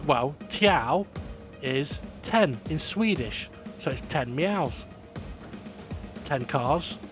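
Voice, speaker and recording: A man hosting a sim racing league show, calling the results and trading jokes with a co-host, excitable and full of fillers. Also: on the high side, drawn-out words, over music. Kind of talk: casual race commentary and banter.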